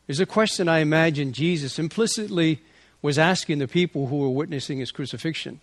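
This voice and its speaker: A man's voice: on the high side, fairly quick, no room sound. A man reading the Gospel aloud and then preaching an earnest sermon that builds in intensity. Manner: earnest, rising in intensity, with restarts. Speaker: priest.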